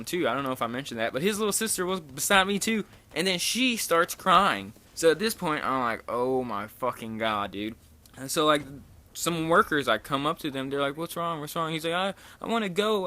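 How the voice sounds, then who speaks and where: A man's voice: mid-range voice, pushed and bright. A young man casually telling a rambling, profane story over gameplay footage, full of fillers. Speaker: gaming vlogger.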